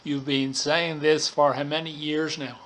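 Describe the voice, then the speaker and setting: A man teaching an English lesson online, talking students through slides in a slow, deliberate way and checking in with frequent "okay"s. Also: on the high side, flat delivery, a bit bright, a little hiss or hum. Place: Thailand.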